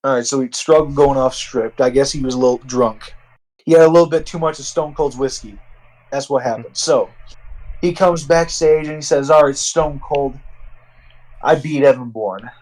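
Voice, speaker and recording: A man's voice: medium pitch, moderate pace, darkish tone, rough recording. A man narrating a wrestling sim game in casual, profane, rambling commentary. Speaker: let's-play narrator.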